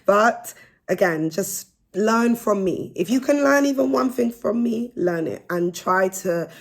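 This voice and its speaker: A woman's voice: mid-range voice, measured pace, vocal fry. A young woman chatting frankly and with energy to her phone camera as a vlogger. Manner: frank, animated, laughs between points. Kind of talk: casual chat to camera.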